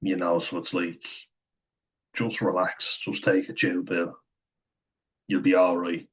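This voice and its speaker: A man's voice: low voice, completely flat delivery, slow, rough recording. A young man talking candidly to camera, swearing freely, laughing often and acting out what other people said. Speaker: vlogger. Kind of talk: candid personal talk to camera.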